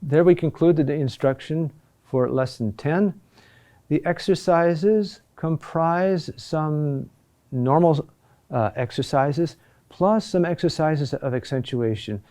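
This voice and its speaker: A man teaching a recorded lesson on chant rhythm, talking deliberately with pauses and "huh?" checks. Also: a little high, warm tone.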